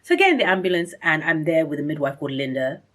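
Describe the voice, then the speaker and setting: A woman vlogging a personal story in a chatty, rambling way, acting out what people said with big jumps in pitch. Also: fast. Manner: animated, acts out reported speech with big pitch jumps; chatty, rambling, many fillers and restarts.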